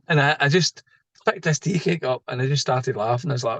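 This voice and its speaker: A middle-aged Scottish man, guesting on a podcast, tells a personal story in loose, rambling sentences, often tagging lines with a quick "right?" to check in with the listener. His mid-range voice is a bit bright, and the lo-fi recording is close and dry with no room sound.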